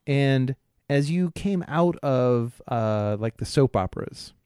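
Middle-aged male co-host, lively pitch, dry close sound, loose rambling delivery with lots of laughs. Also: slow, clean tone, no room sound. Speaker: podcast co-host. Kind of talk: casual chat.

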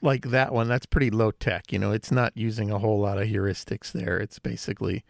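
A man with a low, gravelly voice co-hosts a relaxed podcast and explains technical things in a steady, measured way. His voice sounds dry and close to the mic. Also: dry recording. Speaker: podcast co-host. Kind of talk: casual chat.

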